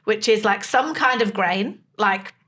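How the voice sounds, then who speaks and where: A woman's voice: mid-range voice, a little slow. Chatty woman in her forties. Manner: chatty and animated, laughing often. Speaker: podcast co-host. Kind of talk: casual chat.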